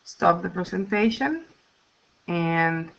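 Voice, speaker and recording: Woman, language teacher, narrated lesson recording, slow methodical delivery, dull lo-fi sound. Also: fairly low pitch, lively intonation, creaky. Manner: slow, careful explaining with counting steps. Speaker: Spanish teacher. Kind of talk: recorded slide lecture.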